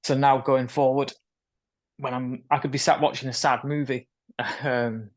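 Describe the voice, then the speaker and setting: A man's voice: mid-range voice, level tone, unhurried. A young man, a guest in an interview, telling his story frankly with occasional nervous laughs. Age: young adult. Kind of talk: candid conversational interview.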